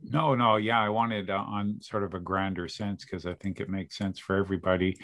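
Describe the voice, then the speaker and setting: Man, deep voice, hesitant interviewer, video call, dry sound. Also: level tone, a bit bright, no room sound. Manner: hesitant, halting.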